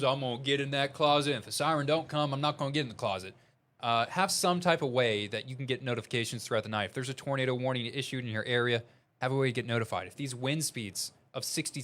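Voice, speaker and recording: A man's voice: medium pitch, a bit bright. Southern Missouri man urgently covering storms. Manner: urgent, conversational, reading updates aloud. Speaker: meteorologist. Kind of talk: live severe weather broadcast.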